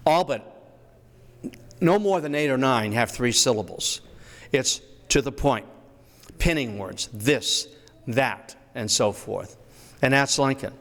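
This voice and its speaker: A man giving a public history lecture in a storytelling manner, slowing down to recite quotations. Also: on the high side. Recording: echoey hall.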